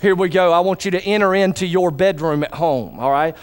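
High-voiced man preaching a sermon. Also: a little fast, clean tone. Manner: calls for responses from the congregation. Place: church with a congregation.

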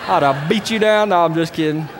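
A man's voice: on the high side, fairly quick, in a large hall, a crowd in the background, background noise. A man preaching a sermon as pastor, emphatic with folksy asides. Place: church sanctuary.

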